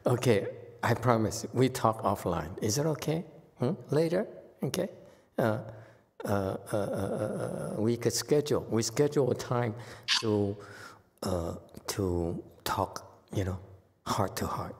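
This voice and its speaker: A man teaching Buddhism online, talking in a chatty, reassuring way with frequent fillers. His voice is fairly low, and a long reverb trails each phrase. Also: animated, a little slow, vocal fry, darkish tone. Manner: soothing, repetitive, chatty with fillers. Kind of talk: Dharma talk with Q&A.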